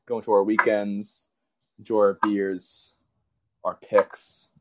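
A man's voice: fairly low pitch, little pitch movement, takes it slowly, noisy background. Rambling, swearing podcast guy. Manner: rambling, heavy use of "like", swears often. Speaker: podcast co-host. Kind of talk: casual podcast banter.

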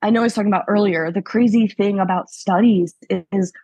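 A woman's voice: mid-range voice, a little fast, mellow, husky, no room sound. A woman from Pennsylvania, a podcast guest in her thirties, telling her story candidly in a rambling, filler-heavy way. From Pennsylvania, USA. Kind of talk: casual interview.

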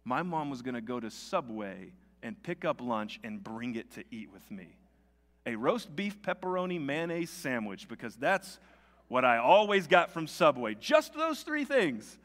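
A male pastor preaching a sermon, telling a story in a conversational, animated way with many restarts. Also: mid-range voice, normal speed. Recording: long hall reverb.

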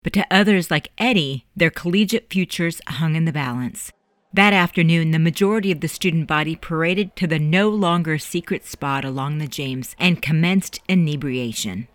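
An audiobook narrator reading scripted narration in a measured storytelling manner. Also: mid-range voice, a bit bright, dry recording.

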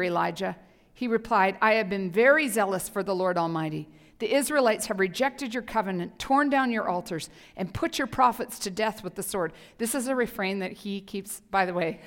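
Woman pastor, passionate sermon delivery with whispered asides, mid-pitched, church hall echo. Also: vocal fry. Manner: impassioned, swings from whispers to loud emphasis. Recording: hall reverb.

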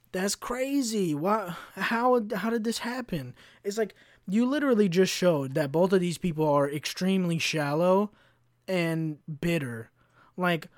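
A man's voice: on the high side, darkish tone, no echo, clean studio sound. A young man hosting a solo podcast, ranting in a heated, profane, casual way. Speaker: podcast host.

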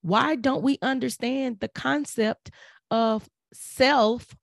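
A woman's voice: fairly high pitch, steady tone, slow pace, gravelly, no room sound, clean studio sound. A middle-aged woman, speaking in an earnest, preachy way and repeating phrases for emphasis. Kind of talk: casual motivational talk.

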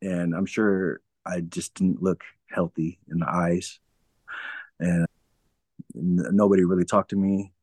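Man, very low voice, frank storytelling, acts out old conversations, dry close sound. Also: flat delivery, a little slow, darkish tone, slightly rough, no room sound. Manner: frank, laughs through hard memories, acts out past conversations. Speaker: interview guest. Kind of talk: candid personal storytelling.

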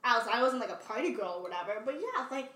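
A woman's voice: on the high side, sing-song, racing, pushed and bright, distant mic. A woman in her twenties co-hosting a podcast, chatting casually and telling long stories about her busy days. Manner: chatty, tells long stories with quoted self-talk. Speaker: podcast co-host. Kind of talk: casual chat. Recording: roomy, a little off-mic.

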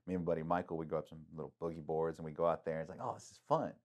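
Deep-voiced man telling a lively story. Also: rapid-fire, dull audio. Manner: animated, acts out quotes with big pitch jumps, many "like" fillers. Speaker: podcast guest telling a story. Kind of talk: casual storytelling.

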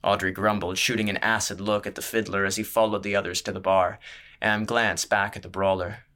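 A man narrating a fantasy novel in a measured, expressive storytelling voice. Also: lowish voice. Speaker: audiobook narrator. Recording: music playing underneath.

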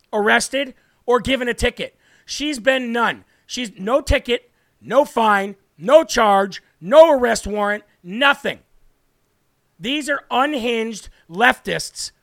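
Brash high-voiced male political host. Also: pushed and bright, dry recording, clean studio sound. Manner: brash, emphatic, repeats for emphasis. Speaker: political talk show host. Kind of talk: live political commentary.

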